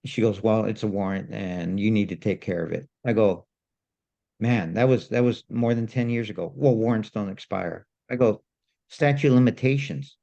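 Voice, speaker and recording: Man, podcast co-host, gravelly low-fi voice, animated indignant storyteller. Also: highs cut off. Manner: animated, indignant, repeats himself. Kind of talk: casual storytelling.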